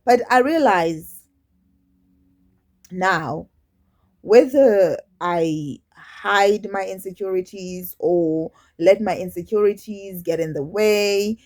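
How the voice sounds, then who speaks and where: A woman vlogger talking openly to her camera, candid and halting, often restarting her sentences and acting out quoted remarks. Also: medium pitch, a little mellow. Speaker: YouTube vlogger. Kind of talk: personal confessional vlog.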